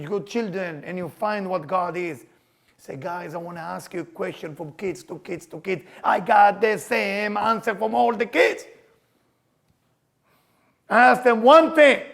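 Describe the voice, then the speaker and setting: Older guy giving a kabbalah class, high voice, keeps repeating his questions, broken grammar. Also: gravelly. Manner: emphatic, repeats questions, non-native grammar. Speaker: Kabbalah teacher. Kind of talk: spiritual class lecture.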